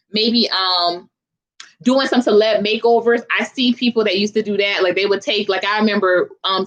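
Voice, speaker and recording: A woman's voice: medium pitch, a bit bright. A young woman from Philadelphia hosting a casual livestream, chatting loosely with viewers in a slangy, direct way. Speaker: livestream host.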